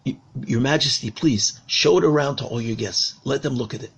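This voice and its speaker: A man's voice: mid-range voice, brisk, fairly bright tone, breathy edge. A man doing a pleading goldsmith. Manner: pleading, earnest.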